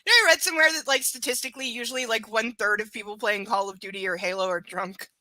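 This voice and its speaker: A woman's voice: on the high side, quick pace, sharp tone, no room sound, low-quality recording. A woman chatting casually from home during a live book reading, rambling and swearing freely. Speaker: book reader streaming live.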